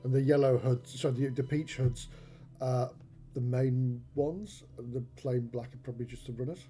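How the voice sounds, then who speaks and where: Flat, dark-voiced male player. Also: medium pitch, moderate pace. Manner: flat, reasoning theories through. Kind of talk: casual game chat. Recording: faint music behind.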